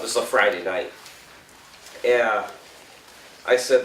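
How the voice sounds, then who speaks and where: A man's voice: on the low side, fairly even intonation, unhurried, pauses often, recorded from a distance, slight background noise. Chuckling man telling a story in an echoey room. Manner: self-deprecating, chuckles often, asks the audience questions. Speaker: youth confirmation speaker. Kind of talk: storytelling talk to a youth group.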